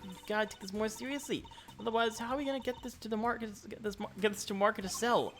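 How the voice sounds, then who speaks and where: Squeaky bickering thieves, a man putting them on, shrill and frantic. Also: fairly even intonation, quick pace, a bit bright, slight background noise. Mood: scheming. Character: two squabbling scheming male thieves.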